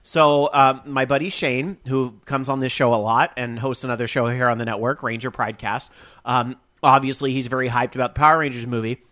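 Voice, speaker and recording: A man's voice: medium pitch, fairly even intonation, a little fast, a bit bright. A man hosting a live gaming podcast, chatting in a rambling, upbeat and casual way. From Northern California. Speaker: podcast host. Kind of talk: casual live radio chat.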